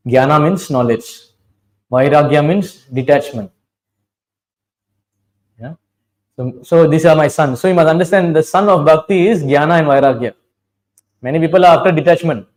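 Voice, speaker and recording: A man teaches a devotional class, his voice sitting a little higher than most men's. He tells old stories, chants verses and keeps asking his listeners questions. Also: a little fast, darkish tone, low-quality recording. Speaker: preacher.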